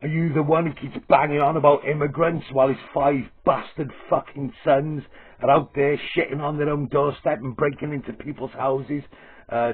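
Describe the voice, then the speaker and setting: A man's voice: a little high, slightly rough. A man ranting profanely and aggressively to camera in a crude satirical comedy vlog. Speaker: comedy vlogger. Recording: tinny phone-like audio.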